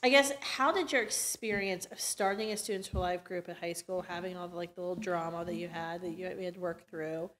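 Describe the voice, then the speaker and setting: A woman's voice: lowish voice, steady tone, a little fast, hardly any pauses, a bit bright. A woman hosting a podcast interview, chatty and opinionated, with many "like" fillers. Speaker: host.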